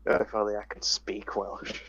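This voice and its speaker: A man's voice: fairly low pitch, monotone, measured pace, a bit bright. A man, a tabletop player chatting in a wry, joking way. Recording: lo-fi online voice chat.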